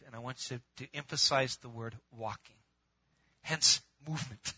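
A man preaches to his congregation in a casual, animated way, swinging between loud emphatic bursts and hushed, intimate appeals. His voice is bright and a bit husky, sitting slightly high. The sound is dry and a little dull. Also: a little slow, pauses often, no room sound. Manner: calls the congregation "gang", laughs between points. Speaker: pastor. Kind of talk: sermon.

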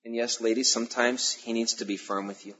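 A male pastor preaching a sermon, emphatic, repeating key phrases and pausing between them. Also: mid-range voice, fairly even intonation, fairly bright tone, a little hiss or hum. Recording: dull lo-fi sermon recording.

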